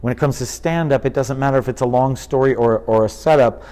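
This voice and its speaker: A man in his fifties, a comedian chatting in an interview, telling animated stories and slipping into impressions. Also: mid-range voice, fast talker, clean tone. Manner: animated storyteller, drops into impressions. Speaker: comedian guest. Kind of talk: casual interview chat.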